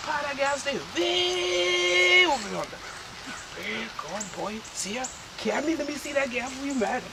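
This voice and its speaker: A man voicing a stern, weary old father, speaking low and gravely with a Gullah accent. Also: lively intonation, brisk, background noise.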